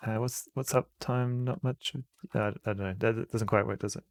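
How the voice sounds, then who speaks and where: A man's voice: fairly low pitch, fairly even intonation, normal speed, darkish tone, dry recording. An Australian man streaming an old adventure game, joking around and reading the game's text aloud into a desk mic. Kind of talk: casual let's-play commentary.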